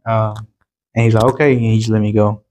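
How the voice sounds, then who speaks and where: A man from Texas speaks as a guest in a relaxed conversation. He tells his stories earnestly and in plain terms, often quoting what other people said to him along the way. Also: on the low side, quick pace. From Texas, USA. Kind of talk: casual chat, telling stories.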